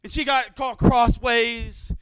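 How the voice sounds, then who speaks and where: A man in his thirties preaching a sermon in church, telling stories and acting out quotes with lively energy. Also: very high-pitched, slow pace, clean tone, no room sound. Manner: animated storytelling with acted-out quotes. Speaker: pastor.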